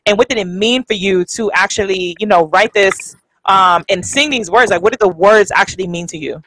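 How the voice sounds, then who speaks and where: Brief: easygoing host, mid-pitched voice, dry close sound. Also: a little fast, fairly bright tone, dry recording, low-quality recording. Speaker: radio show host. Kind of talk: live show hosting.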